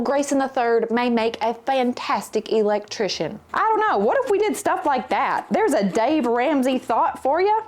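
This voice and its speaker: A woman vlogger telling wry, sardonic stories in a casual monologue while she works on a craft. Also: fairly high pitch.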